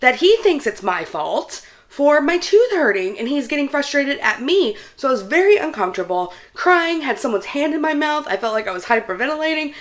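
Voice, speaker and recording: A woman's voice: high-pitched, a little fast, hardly any pauses. Chatty woman telling a story. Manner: chatty, animated storyteller who laughs between phrases. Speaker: book vlogger. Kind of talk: casual vlog chat.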